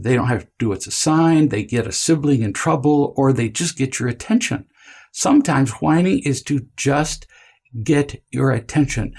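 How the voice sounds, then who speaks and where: A man with a gravelly, slightly husky voice lectures parents in a deliberate, emphatic way. He now and then slips into a whiny child voice to make a point. His pitch sits in an ordinary middle range. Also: a little mellow. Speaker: parenting teacher.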